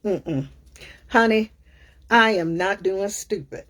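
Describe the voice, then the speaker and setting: A middle-aged woman coach telling a story in a casual, animated, sassy way. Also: mid-range voice, slow pace. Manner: animated, sassy, acts out other people's lines. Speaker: career coach.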